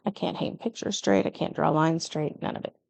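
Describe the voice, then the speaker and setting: A woman's voice: low-pitched, steady tone, a little fast, vocal fry, darkish tone, no room sound. A middle-aged woman chatting through a plan-with-me vlog, a little nervous and often correcting herself as she goes. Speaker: planner vlogger. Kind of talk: casual plan-with-me narration.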